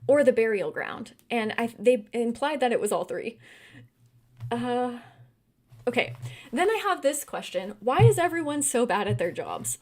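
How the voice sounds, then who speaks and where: A young woman from California hosting a casual livestream book discussion, animated and quick to laugh and get worked up. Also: on the high side. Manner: animated, laughs often, gets heated and incredulous. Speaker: book club host.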